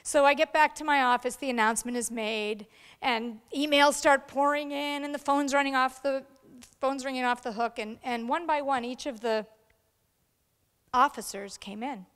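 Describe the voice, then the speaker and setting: A woman's voice: a little high, steady tone, moderate pace, fairly bright tone, clean tone, long reverb tail. A middle-aged woman giving a storytelling speech to an audience, acting out the voices of the people she quotes. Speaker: keynote speaker. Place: large event hall.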